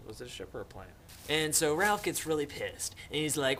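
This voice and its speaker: Young guy rambling thru a book summary for laughs, lively up and down voice, bit of hiss behind. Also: fairly high pitch, fairly quick. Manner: loose, joking retelling, jumping into shouted character voices.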